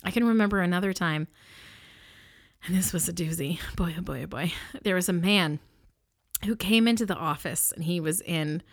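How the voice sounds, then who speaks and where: A woman's voice: lowish voice, normal speed, no echo, studio quality. Chatty woman telling funeral home stories. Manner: animated, chatty, many fillers. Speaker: funeral director. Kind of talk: storytelling.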